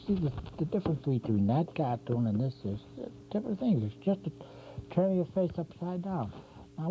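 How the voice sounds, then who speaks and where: A man hosting a drawing show, chatting through each pencil stroke as he teaches cartooning step by step. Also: mid-range voice. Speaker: drawing instructor and show host. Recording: dull 1990s community TV tape with faint hum.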